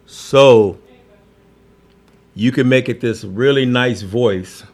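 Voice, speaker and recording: A man's voice: medium pitch, slow pace, a little mellow. A man hosting a casual interview chat, eager and chatty, reacting with interest. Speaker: host.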